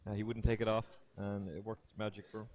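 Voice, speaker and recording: A man commentating live poker, chatty and telling lively stories. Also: on the low side, a little fast, a loud crowd. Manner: chatty anecdotal storyteller, animated in stories.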